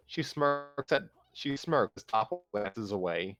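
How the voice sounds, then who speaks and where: A man calmly narrating a fan story aloud on a livestream, steady with small restarts. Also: mid-range voice, a little slow, hardly any pauses, music in the background. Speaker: storyteller host.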